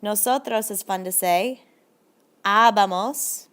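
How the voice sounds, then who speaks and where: A woman teacher giving a recorded video lesson, upbeat and encouraging, slowing down and stretching out her Spanish examples. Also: medium pitch, animated.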